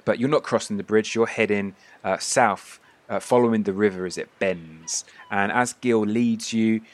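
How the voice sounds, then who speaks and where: A man's voice: on the low side, normal speed. A man hosting and narrating a tabletop game as game master, describing scenes at length with many fillers.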